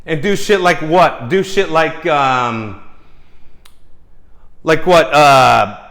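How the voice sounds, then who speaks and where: A man's voice: fairly high pitch, extremely slow, fairly bright tone. Furious cursing man ranting to camera. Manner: heated, profane, mocking, repeats "okay?" and "dude". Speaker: screenwriter and video host. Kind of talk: angry profane rant to camera.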